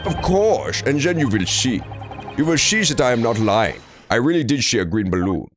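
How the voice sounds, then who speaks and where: A man's voice: mid-range voice, big pitch swings, normal speed, over music, natural voice. A man voicing an indignant young witness in a courtroom game, whiny and defensive. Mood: insistent. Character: indignant young witness who wanted a balloon ride.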